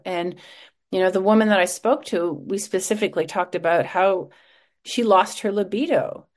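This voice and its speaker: A middle-aged woman, a podcast host who is being interviewed, speaks in a mid-range voice at an unhurried pace. She chats casually and tells her stories with animation, acting out the quotes.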